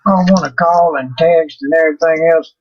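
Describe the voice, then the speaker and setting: A man's voice: on the high side, steady tone, a little fast, slight background noise. A man on a livestream chat, trading crude, teasing banter. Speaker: co-streamer. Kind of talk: casual chat. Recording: dull lo-fi stream audio.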